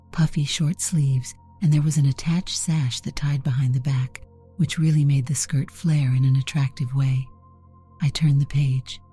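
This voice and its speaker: Very deep, husky woman narrator. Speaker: story narrator. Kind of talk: first-person story narration. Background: soft background music.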